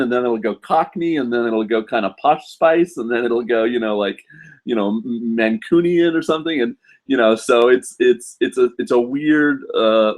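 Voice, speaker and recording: A man hosting a casual live stream from home, chatting loosely with lots of fillers and restarts. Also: fairly low pitch. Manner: rambling, many fillers and restarts.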